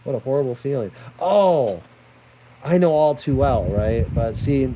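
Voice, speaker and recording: A man's voice: medium pitch, animated, measured pace, dark tone, low-quality recording. A man in the middle of a rambling rant, talking straight at his viewers. He circles back to the same defiant phrases again and again, and now and then he drops into crude, profane language. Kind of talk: ranting monologue to viewers.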